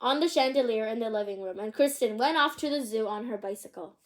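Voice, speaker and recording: A woman reads a picture book aloud, pausing for chatty, curious remarks about the pictures. Her voice sits a bit high, and she moves easily between the story and her asides. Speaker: channel host reading a picture book aloud.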